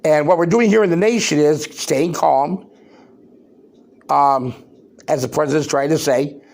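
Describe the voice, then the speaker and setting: A male podcast host with a gravelly voice on the high side speaks a little slowly. Still, he is loud and worked up, ranting emphatically and firing rhetorical questions.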